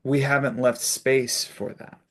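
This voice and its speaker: A man facilitates a spiritual discussion on a video call, telling warm stories, acting out little quotes and laughing along. His mid-range voice is flat in delivery and measured in pace.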